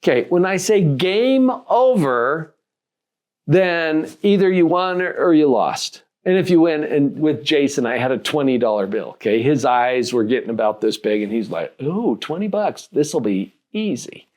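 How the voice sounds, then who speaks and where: A man working as a life coach, giving a motivational teaching talk with an animated manner, asking rhetorical questions and acting out dialogue. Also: on the high side, normal speed. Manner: animated, acts out dialogue in different voices; asks the listener rhetorical questions.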